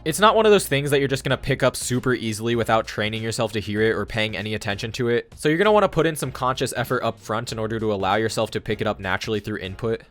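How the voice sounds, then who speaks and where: A man's voice: fairly low pitch, lively intonation, very fast, few pauses, fairly bright tone, faint music behind. A man giving a scripted explainer monologue on language learning, matter-of-fact and confident.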